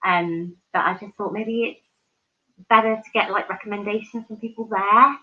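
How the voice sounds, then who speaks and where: Her mid-range voice stays fairly even in intonation at a normal speed. A woman hosts a live stream, effusively chatting with viewers and reading comments aloud amid frequent ums and restarts. The sound is dull and lo-fi.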